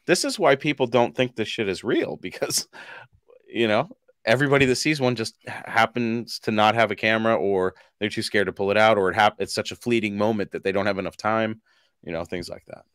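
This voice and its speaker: A man's voice: on the low side, brisk, fairly bright tone, clear, resonant tone, dry recording, studio quality. A man from Washington state co-hosting a podcast, chatting casually and laughing often as he tells stories. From Washington state, USA. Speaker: podcast co-host.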